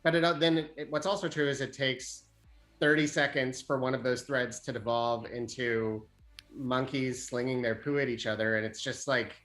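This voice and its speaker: A man's voice: medium pitch, fairly even intonation, normal speed, a bit bright, soft background music. A man on a tech chat show, talking in a wry, self-deprecating way. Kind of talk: casual chat.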